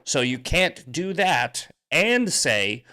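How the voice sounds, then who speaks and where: A man's voice: a little high, big pitch swings, takes it slowly, bright, forceful tone, smooth. A male podcast co-host talking animatedly and crudely about politics, laughing often. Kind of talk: casual political commentary chat.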